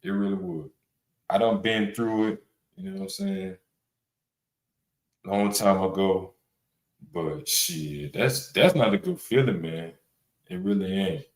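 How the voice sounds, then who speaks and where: A man's voice: low-pitched, very animated, slow pace, pauses often. A man hosting a reaction podcast panel, talking in a blunt, rambling, casual way with plenty of swearing and fillers. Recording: roomy echo.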